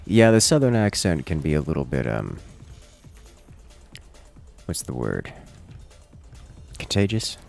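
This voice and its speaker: Super deep gravelly guy chatting on a game stream, lively ups and downs, faint music behind. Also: takes it slowly, pauses often. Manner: musing aloud while playing, reading chat. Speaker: livestream host. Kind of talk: casual gaming livestream chat.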